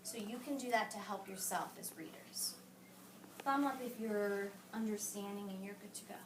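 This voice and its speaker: A woman teacher reading a picture book aloud to young children and patiently coaching them, hushing them when they call out. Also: mid-range voice, fairly even intonation, normal speed, noisy background. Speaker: elementary school teacher. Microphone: camera some distance away. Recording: roomy classroom sound, distant mic.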